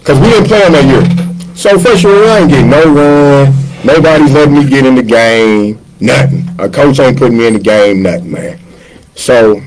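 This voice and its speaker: A man, a chef and former basketball player, telling stories as a podcast guest in a slangy, animated way and acting out the voices of the people he quotes. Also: medium pitch, moderate pace, low-quality recording. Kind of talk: casual storytelling interview.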